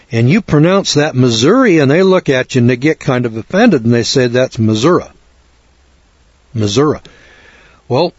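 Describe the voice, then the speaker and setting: A man's voice: medium pitch, a little mellow, no room sound, highs cut off. An older man from the western United States talking in a folksy, rambling way about names and scripture, often spelling words out letter by letter. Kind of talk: casual religious talk, answering a question.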